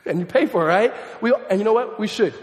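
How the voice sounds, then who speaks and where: Male pastor, fairly high voice, chatty animated sermon, reverberant church hall. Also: fast. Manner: conversational, animated, self-deprecating asides. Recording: echoey hall, long reverb.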